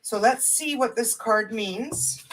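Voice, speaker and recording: A woman hosting a live spiritual stream, gently reading oracle card messages aloud and reflecting on them. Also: a little high, slow, slight background noise. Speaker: host reading oracle cards. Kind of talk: slow spiritual live talk. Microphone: phone or webcam on a live stream. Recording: distant from the mic.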